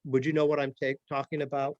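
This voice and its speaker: A man's voice: mid-range voice, little pitch movement, fast talker, no room sound, muffled recording. A middle-aged man from Ohio with a Midwest accent, leading a church study group in a loose, conversational way with frequent ums. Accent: Midwest American. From Akron, Ohio. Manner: conversational, many ums and restarts. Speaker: Bible study leader.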